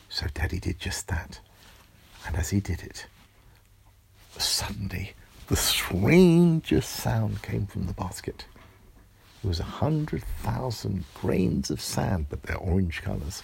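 Deep husky man telling a bedtime story. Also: sing-song, slow pace. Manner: soft, hushed, lulling. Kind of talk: bedtime story, often whispered.

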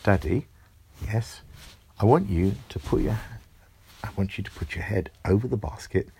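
A man's voice: fairly low pitch, normal speed, vocal fry, dark tone, slightly rough, exaggerated voice. A man voicing an eager, inventive little girl in a bedtime story.

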